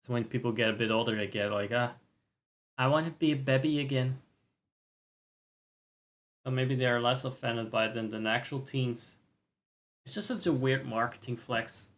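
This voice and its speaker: A man's voice: medium pitch, fairly even intonation, fairly quick, fairly bright tone. A man streaming live and reacting to a game trailer, ranting with opinions, swearing and mocking voices.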